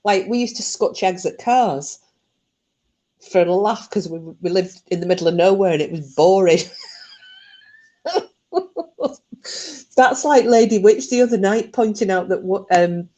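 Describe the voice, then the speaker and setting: A woman's voice: mid-range voice, measured pace, pauses often, mellow, lo-fi sound. A woman hosting her channel, casually retelling a true story, chatty, swearing freely and laughing often.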